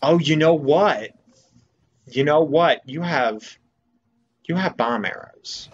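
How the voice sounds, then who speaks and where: A man's voice: fairly high pitch, slow pace, husky, lo-fi sound. A young man giving let's play commentary in a playful, jokey, mock-exasperated way. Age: young adult. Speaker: gamer.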